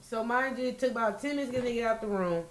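A woman in casual conversation, telling a wild story in an animated, profane way. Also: on the high side, fast. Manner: animated, profane, acts out quotes loudly.

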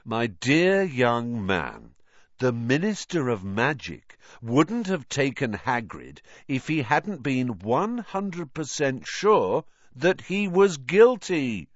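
A man voicing a vain, cheery male teacher who talks slowly and condescendingly. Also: lowish voice, very animated, dry recording, muffled recording, heavily acted. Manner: slow, patronizing, self-satisfied.

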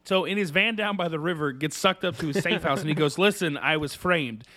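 A man's voice: fairly high pitch, fast talker, fairly bright tone, dry recording. A man co-hosting a podcast, rambling through a casual anime recap and acting out bits of dialogue. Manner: rambling recap with acted-out quotes and laughs. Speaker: podcast co-host.

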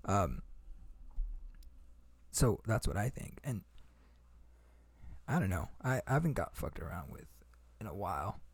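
A man's voice: lowish voice, very animated, unhurried, pauses often, slightly rough. A young man hosting a podcast, telling a story in casual chat with lots of fillers, restarts and swearing. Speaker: podcast host.

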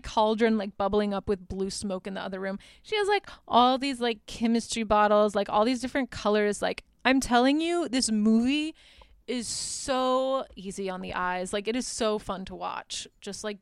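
Smooth-voiced chatty woman podcaster. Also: a little high, no echo, studio quality. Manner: chatty, filler-heavy, amused. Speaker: podcast host. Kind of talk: casual movie recap.

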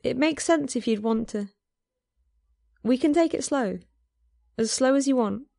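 A flirtatious, teasing man covered in tattoos and piercings, speaking softly and playfully, as a woman reads him aloud. The delivery is slow and unhurried, and the sound is close and dry, with no room around it. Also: high voice, animated, gravelly, dry recording, pitched above the performer's own voice, exaggerated voice. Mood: tender.

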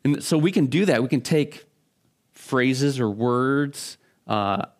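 A man preaching a sermon as a pastor, talking in a conversational, halting way with frequent restarts. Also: mid-range voice, lively intonation.

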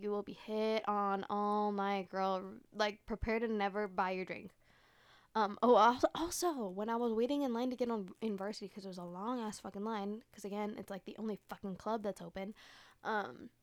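A woman's voice: medium pitch, smooth. Young woman podcast host: loose, chatty, profane delivery, lots of filler words. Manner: chatty, swears often, heavy use of "like". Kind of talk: casual storytelling monologue.

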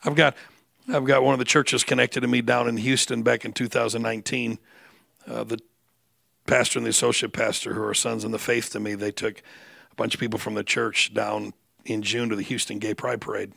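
A middle-aged man preaching a sermon, his voice heavily gravelly and bright-edged. He moves from easy, conversational storytelling to loud, emphatic outbursts. The sound is dry and close. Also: medium pitch, flat delivery, a little fast, no room sound. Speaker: pastor.

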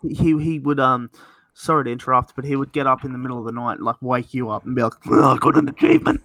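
Man, young adult, middle pitch, teasing sweary chat, dry mic sound. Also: fairly even intonation, fast, pushed and bright, no echo, low-quality recording. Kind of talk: casual chat.

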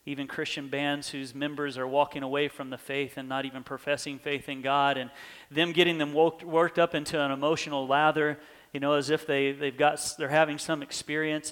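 A man's voice: mid-range voice, fairly bright tone. A pastor preaching a sermon in an earnest manner, his voice swelling with emphasis.

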